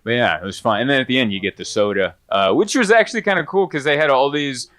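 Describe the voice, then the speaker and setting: A man performing a stand-up comedy set, animated and swinging into high, exaggerated bits. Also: quick pace.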